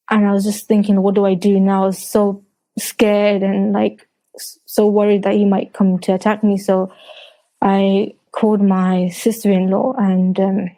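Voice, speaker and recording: A woman's voice: mid-range voice, poor audio. A woman in her thirties with a London accent, telling her personal story as an interview guest, hesitant with many restarts and fillers. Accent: London English. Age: 30s. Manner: recounts quotes in a flat retelling voice.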